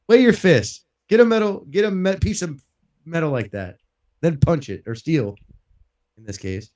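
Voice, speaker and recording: A man in the middle of a casual let's-play, talking loosely and rambling, with plenty of swearing and laughter. His pitch sits in the ordinary middle range for a man. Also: darkish tone. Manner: rambling, profane, laughs often. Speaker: gaming streamer.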